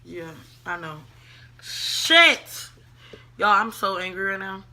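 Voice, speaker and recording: A woman vlogger telling a casual storytime, animated and chatty, talking straight to her viewers and dropping to whispers when she quotes herself. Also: mid-range voice, slow, a crowd in the background. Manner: profane, chatty, addresses viewers as y'all.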